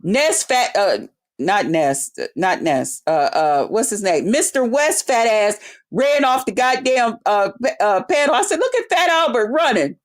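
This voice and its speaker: A woman telling a story in a loud, brash, profane rant. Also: mid-range voice, measured pace. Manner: loud, brash, heavy swearing, animated retelling. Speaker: vlogger.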